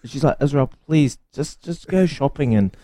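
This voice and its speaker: A man's voice: mid-range voice, normal speed, mellow, dry recording. A man with a New Zealand accent co-hosting, teasing his mates and telling home anecdotes. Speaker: radio show co-host. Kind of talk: casual banter.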